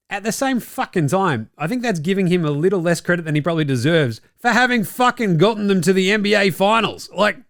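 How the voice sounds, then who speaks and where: A man's voice: a little high, no echo, studio quality. Sweary Australian man ranting about sport. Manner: profane, ranting, does mocking quoted voices. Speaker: basketball podcast host. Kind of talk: opinionated sports commentary chat.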